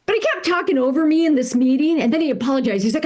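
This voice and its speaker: Middle-aged woman comic, high voice, very lively pitch, stand-up set, chatty with the crowd. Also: rapid-fire. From California. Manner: chatty, addresses the crowd, laughs at own jokes. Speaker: stand-up comedian.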